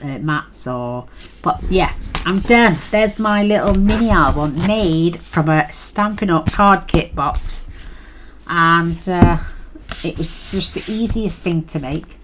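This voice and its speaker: A woman's voice: fairly low pitch, slow pace, noisy background. A middle-aged woman chatting casually as she walks through a craft project, rambling and thinking aloud with fillers. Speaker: crafting channel host. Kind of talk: casual craft tutorial chat.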